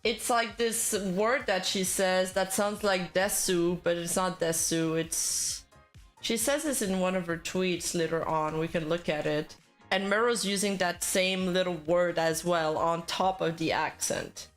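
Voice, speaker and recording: A woman's voice: on the low side, measured pace, soft background music. A woman giving casual, rambling commentary on internet news, full of fillers and self-corrections.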